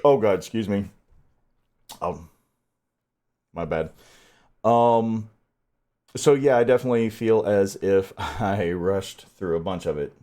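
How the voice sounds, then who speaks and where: A man's voice: on the low side, slow pace, long pauses, mellow. A man chatting casually and rambling, stammering as he talks to his dog. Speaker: audiobook narrator and streamer. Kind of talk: casual chat.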